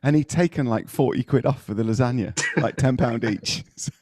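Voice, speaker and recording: A man's voice: mid-range voice, a little fast, dark tone, no room sound. Brief: male podcast co-host, laughing storyteller, dry booth sound. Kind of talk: casual chat.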